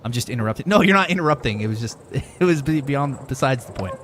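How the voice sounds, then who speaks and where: A male game streamer from Northern Ontario talks loosely with his chat, circling back over his points and cursing freely. His voice sits at an ordinary middle pitch. A faint noise hangs behind him. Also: animated, fast talker, fairly bright tone. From Northern Ontario, Canada. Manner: rambling, argumentative, swears freely. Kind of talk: casual chat with stream viewers.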